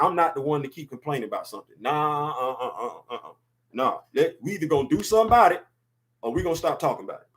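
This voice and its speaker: A man in his fifties hosting a casual opinion show, talking emphatically and repeating words to drive his points home. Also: fairly high pitch. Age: 50s. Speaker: podcast host.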